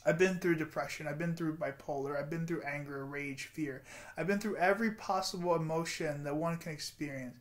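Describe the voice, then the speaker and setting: A man's voice: fairly high pitch, brisk. A man in his twenties giving an earnest, rambling motivational vlog monologue with guided breathing and affirmations. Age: 20s. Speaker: vlogger.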